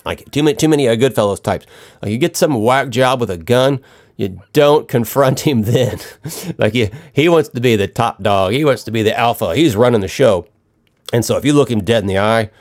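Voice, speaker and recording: A man's voice: mid-range voice, darkish tone. A man in his thirties casually telling a personal story, rambling and swearing with restarts and chuckles.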